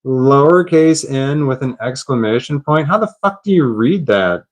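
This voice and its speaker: A man's voice: mid-range voice, expressive, normal speed. A man chatting on a live stream, puzzled and rambling, laughing at himself.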